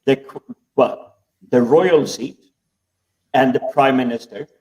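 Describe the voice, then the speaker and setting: A man's voice: medium pitch, takes it slowly, a little mellow, far from the mic, poor audio. A man speaking hesitantly in a casual panel chat.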